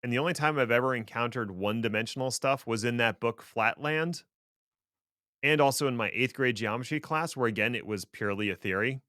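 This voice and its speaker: A man hosting a casual tech podcast, talking at an even middle pitch with dry, wry sarcasm. His voice is close and dead dry, with no room sound around it. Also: a little fast, dry recording. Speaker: podcast co-host.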